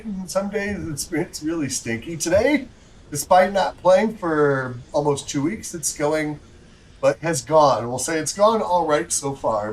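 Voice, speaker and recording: A man's voice: fairly high pitch, slight background noise, poor audio. A man hosting a livestream, giving rambling, chatty commentary to viewers while he plays a golf game. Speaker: livestream host. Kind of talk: casual gameplay commentary.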